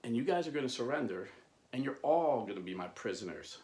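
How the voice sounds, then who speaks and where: A man's voice: medium pitch, lively intonation, a little fast, a little mellow, echoey room, pitched below the performer's own voice, natural voice. A man playing a blustering British sea captain. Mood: threatening.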